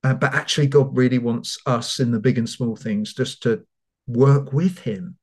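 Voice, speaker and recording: Brief: male guest, pastor and author, animated anecdotal storyteller, voice of average pitch. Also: slightly rough.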